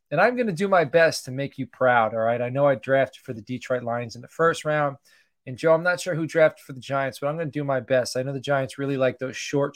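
A middle-aged man hosting a livestreamed sports show, running through picks in a chatty way and greeting viewers by name. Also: medium pitch. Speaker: podcast host doing a mock draft. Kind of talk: casual livestream commentary.

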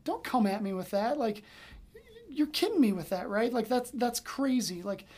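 A woman hosting a daily Bible study, reading scripture and then commenting in a chatty, animated way full of "um" and "like". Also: fairly high pitch, moderate pace.

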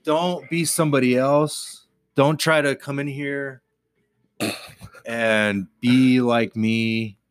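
A barber co-hosting a casual podcast in his shop, with a sarcastic, playful and profane way of talking. His voice sits at a middling pitch. The sound is dry and close-up. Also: steady tone, slow pace, no room sound.

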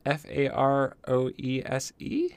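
Animated man hosting a podcast. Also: medium pitch, slow pace, vocal fry, smooth, no echo. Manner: jokey, laughs at own stumbles. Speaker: podcast host. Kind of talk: casual chat.

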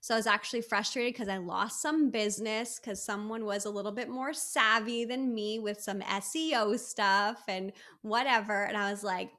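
A woman's voice: mid-range voice, fairly even intonation, moderate pace, few pauses, pushed and bright. A woman who is a guest on a podcast, chatting animatedly and playfully, often acting out quotes. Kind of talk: casual chat.

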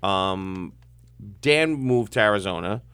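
A man's voice: lowish voice, lively intonation, slow, a bit bright, clear, resonant tone, no room sound. Guy co-hosting comedy radio, wry and jokey, voice bounces up and down a lot, dry close studio sound. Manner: wry, self-mocking, laughs often. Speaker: co-host. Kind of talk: casual radio banter.

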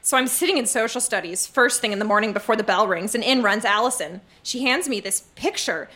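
A woman stands at a stage mic reading her teenage diary to a live audience. Her voice is bright and sits a little high, and she leans into the melodrama with gushing, comic timing. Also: brisk. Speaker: live show reader. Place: stage before a laughing audience.

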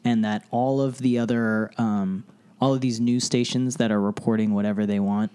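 A man's voice: on the low side, steady tone, moderate pace, dark tone, smooth. Laid-back man telling a story. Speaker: podcast co-host. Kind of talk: casual chat.

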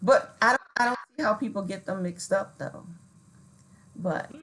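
A woman's voice: mid-range voice, moderate pace, fairly bright tone, low-quality recording. A middle-aged woman in casual chat, telling stories and acting out what people said. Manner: chatty storyteller acting out quoted dialogue. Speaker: co-host.

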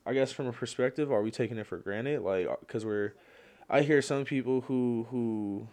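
In a casual solo podcast, a young male host rambles through slangy stories with plenty of fillers, raising his voice and getting worked up during rants. His voice is mid-range and moves at a moderate pace.

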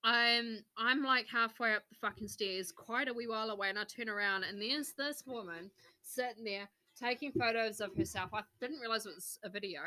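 A woman's voice: fairly high pitch, moderate pace, pushed and bright. A woman hosting a casual podcast chat, telling a story with plenty of swearing and laughter. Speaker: podcast host.

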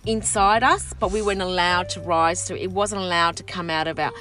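A woman chatting as a guest, a passionate and animated storyteller. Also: fairly low pitch, fairly quick, faint music behind. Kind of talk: casual chat.

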